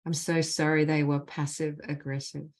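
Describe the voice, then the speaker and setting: Woman, low voice, spiritual mentor on a video call, guides slow repeated healing phrases. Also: level tone, darkish tone. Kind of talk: guided clearing session with spoken healing phrases.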